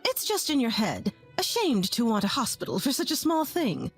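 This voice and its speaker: A scornful mother-in-law in her late forties, voiced by a woman, pitched up high and bright with false cheer. She brushes things off in a mocking, belittling way, with soft music playing faintly behind her. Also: wildly swooping pitch, moderate pace, husky, full character voice.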